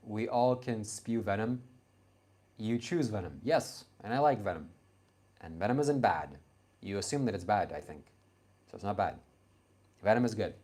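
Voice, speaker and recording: A man's voice: lowish voice, lively intonation, moderate pace, long pauses, a little mellow. A young man from Canada in his late teens, answering his livestream chat in a blunt, confrontational, self-assured way.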